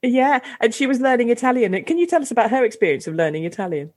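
A woman's voice: fairly high pitch, lively intonation, fast talker, darkish tone. A middle-aged woman host asking questions in a hesitant way, often restarting and searching for words. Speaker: interviewer, host. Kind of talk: conversational interview.

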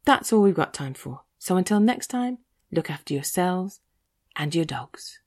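A woman's voice: fairly low pitch, lively intonation, moderate pace, darkish tone. A woman hosting a podcast, reading scripted commentary in an opinionated way with sarcastic asides. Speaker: podcast host.

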